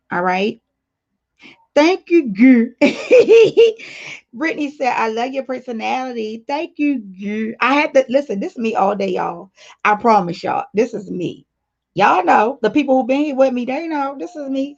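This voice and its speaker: A gravelly, medium-pitched woman's voice comes through dull lo-fi stream audio. She's hosting a laid-back livestream, reading out viewer comments and speaking frankly and playfully to her audience.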